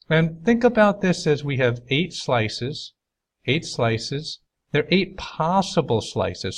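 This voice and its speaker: Man, Minnesota accent, teacher, upbeat, clear explaining, recorded lesson. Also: mid-range voice. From New York.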